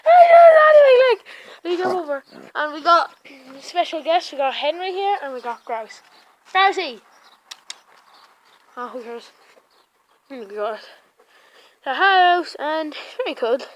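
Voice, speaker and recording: Very high, giggly woman vlogger. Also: a little slow, pauses often, muffled recording. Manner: giggly, excitable, chatting to her dogs. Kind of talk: casual home vlog.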